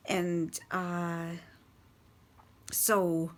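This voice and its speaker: Woman, casual storytelling, halting, blunt swearing, slightly low voice. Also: expressive, fairly bright tone. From Canada. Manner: halting, many restarts and fillers, blunt swearing. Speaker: partner of a recovering alcoholic.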